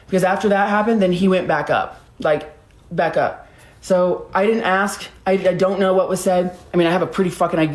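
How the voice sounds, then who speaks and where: A woman telling a story in a loose, chatty way, packed with fillers and casual swearing. Her voice sits a bit low, and the room adds a noticeable echo. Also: darkish tone. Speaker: storytime vlogger. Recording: roomy echo.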